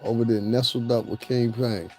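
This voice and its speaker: A man's voice: mid-range voice, flat delivery, normal speed, faint music behind. A man giving profane, mocking celebrity gossip commentary and laughing at his own jokes.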